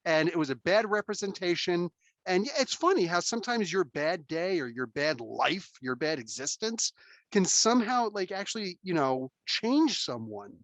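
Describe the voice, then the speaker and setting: A man hosting a casual podcast chat, telling stories in an animated, emphatic way and swearing freely. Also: sits high, normal speed, dry recording. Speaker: podcast host.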